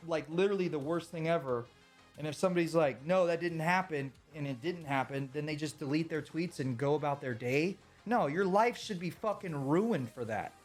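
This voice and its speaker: Emphatic, cursing male streamer. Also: a little high. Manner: emphatic, profane, repeats points. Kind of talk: casual live-stream rant.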